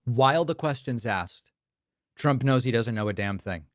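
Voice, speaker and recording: A man narrating political video clips in a brisk, sardonic way. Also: mid-range voice, expressive, noisy background. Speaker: political commentator.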